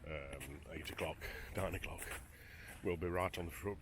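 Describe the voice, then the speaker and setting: A travel vlogger walks a beach at sunrise, chatting casually to the camera and wondering aloud as he goes. His voice is deep, with fairly even intonation and a normal pace. The handheld camera he carries while walking picks up background noise.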